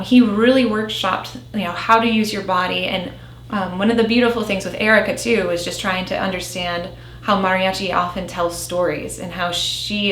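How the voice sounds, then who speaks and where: A woman's voice: on the low side, a bit bright. A woman in her forties, an orchestra teacher, talking earnestly and chattily about a workshop. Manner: earnest, chatty, with many um fillers. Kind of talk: interview reflection. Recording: roomy echo with faint music behind.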